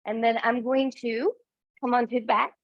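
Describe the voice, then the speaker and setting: A woman's voice: a little high, level tone, moderate pace, no room sound, dull audio. A woman instructor guiding a Pilates class, counting reps and giving encouraging cues, a little out of breath. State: slightly out of breath.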